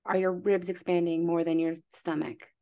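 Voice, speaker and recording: A young woman with a slightly low voice chats easily as a podcast guest. She talks in a lively, filler-heavy way. She slips into acted-out snippets of her own thoughts. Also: normal speed. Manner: animated, chatty, many fillers and acted-out inner voices. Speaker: wellness coach guest. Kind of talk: casual podcast conversation.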